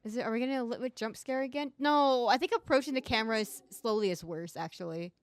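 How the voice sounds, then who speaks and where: A woman's voice: a little high, fast talker, no room sound. A woman streamer chatting casually over a game, her voice stuffy from congestion, rambling and talking to her chat. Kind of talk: casual gameplay commentary.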